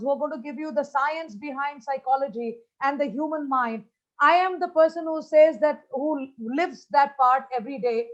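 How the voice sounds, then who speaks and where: A woman from India giving an energetic conference keynote over a video call, talking straight to the audience. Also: high voice. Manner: energetic, chatty, addresses audience directly. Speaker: motivational speaker. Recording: slightly dull video-call audio.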